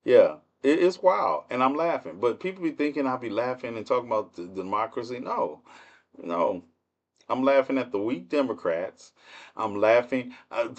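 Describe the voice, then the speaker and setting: Male streamer, sardonic and laughing, rhetorical commentary, average pitch. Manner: mocking, laughing, rhetorical, animated. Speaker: livestream host. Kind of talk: casual political commentary.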